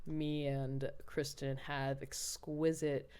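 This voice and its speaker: A woman co-hosting a podcast, telling candid, profane stories in casual chat with animated swings. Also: low voice, slow pace, clean tone. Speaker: podcast co-host.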